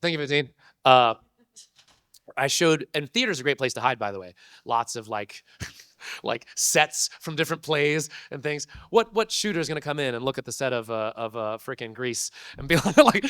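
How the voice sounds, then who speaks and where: A man's voice: medium pitch, brisk, a bit bright, clean tone, no echo, clean studio sound. A young man, a voice actor, telling a story to a convention audience in a casual, chatty way full of "like" and "dude", with laughs between lines. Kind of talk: animated storytelling to a live audience. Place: convention panel room.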